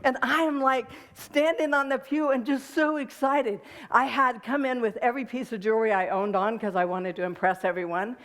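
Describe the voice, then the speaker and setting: An American woman giving a personal testimony to an audience, animated and emotional, laughing often and restarting her sentences. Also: fairly high pitch, normal speed, hardly any pauses. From United States. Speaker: guest speaker.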